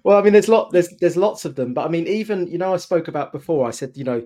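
A man's voice: fairly high pitch, expressive, quick pace, warm tone. A man, a guest on a podcast, explaining his ideas earnestly and piling up example after example. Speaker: guest author. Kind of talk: podcast conversation.

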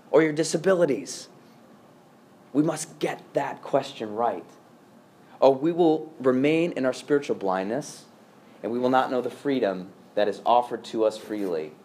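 A man preaching a sermon as pastor, earnest, swinging between quiet hushed passages and raised, emphatic lines. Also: mid-range voice. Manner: earnest preaching, dropping to a hush and rising with emphasis.

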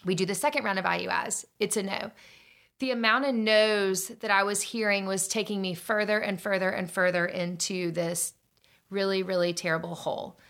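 A woman's voice: mid-range voice, moderate pace, vocal fry. A woman in her thirties telling an earnest personal faith story, acting out what people said. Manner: earnest, animated, acts out dialogue. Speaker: storyteller sharing a faith testimony. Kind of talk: personal testimony, casual storytelling.

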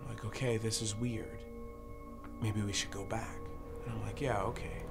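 A man hosting a podcast, telling a spooky story in an animated way and acting out his friends' lines. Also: fairly low pitch, moderate pace, gravelly, music in the background. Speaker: podcast host. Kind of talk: storytelling, recounting a spooky experience.

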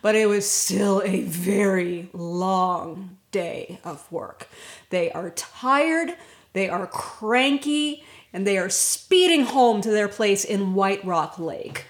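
A woman's voice: mid-range voice, lively intonation, slow pace. A woman telling a ghost story to friends in a casual way with wry, playful asides. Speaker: podcast cast member telling a ghost story.

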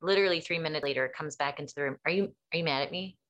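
A woman's voice: low-pitched, racing, highs cut off. A woman therapist explaining things in casual chat, acting out quoted dialogue as she tells stories. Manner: animated storyteller acting out quotes.

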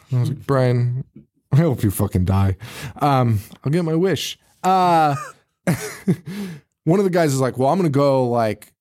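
A man's voice: mid-range voice, normal speed, a little mellow. A man hosting a podcast, recapping a movie in casual chat, swearing often, laughing and acting out the characters' lines. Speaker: podcast host.

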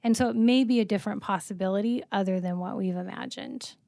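A woman's voice: mid-range voice, fast talker, vocal fry, dark tone, dry recording. Earnest woman host, dry close sound. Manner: earnest, quotes scripture, many fillers. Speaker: podcast co-host. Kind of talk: faith-based podcast conversation.

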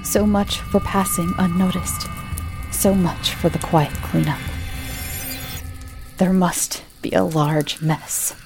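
A woman tells a dark first-person story in a low, unhurried voice with a gravelly edge. She often sinks into a near whisper. Music runs steadily under her narration. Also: fairly even intonation. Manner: slow, low, hushed delivery with whispered stretches.

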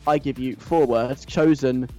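A man hosting a casual radio show, rambling and self-deprecating, sometimes mimicking loud chanting. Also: mid-range voice, steady tone, unhurried, faint music behind. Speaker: radio host.

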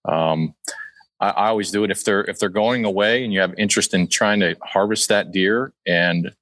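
Deep-voiced guest giving hunting advice. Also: male voice, a bit bright, dry recording, poor audio. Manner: measured, lots of fillers. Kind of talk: casual podcast advice.

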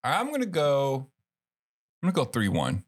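A man's voice: mid-range voice, wildly swooping pitch, moderate pace. A man hosting a podcast in casual chat, swearing freely with lots of fillers. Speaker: podcast host.

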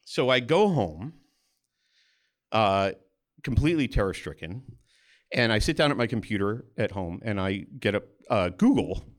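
A man's voice: fairly low pitch, moderate pace, pauses often. A man telling a first-person story on stage in a conversational way, with small restarts, acting out the other people he quotes. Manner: animated, acts out the voices of others in his story. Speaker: storyteller, pediatric oncologist.

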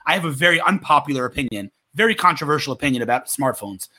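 A man from Israel talking as an interview guest, telling stories in a rapid, animated way. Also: medium pitch. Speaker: guest entrepreneur. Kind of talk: casual interview talk.

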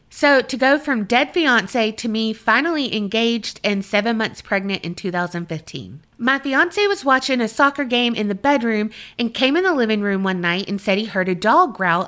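Chatty woman podcast co-host, slightly high voice. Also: fairly bright tone. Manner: chatty, laughs easily. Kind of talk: casual chat and reading listener letters.

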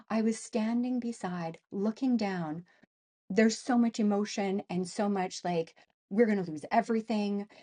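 A middle-aged woman from Canada, an interview guest telling an emotional personal story in an animated way, acting out voices with many fillers. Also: medium pitch.

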